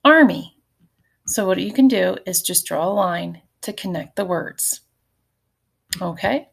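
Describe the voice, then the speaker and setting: Slow patient lady teacher sounding out words letter by letter, kinda low raspy-fry voice. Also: lively intonation. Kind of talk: recorded phonics lesson for students.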